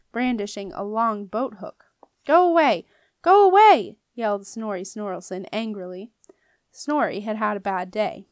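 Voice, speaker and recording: A woman's voice: medium pitch, dry recording, clean studio sound. Woman reading a children's novel aloud. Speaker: audiobook reader. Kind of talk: children's book narration.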